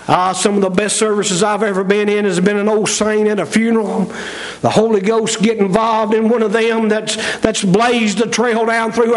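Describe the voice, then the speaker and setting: A middle-aged man preaching a sermon in a folksy way, stretching out key words and then rushing through asides. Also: high-pitched, low-quality recording. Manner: folksy, swings from slow drawn-out emphasis to quick asides.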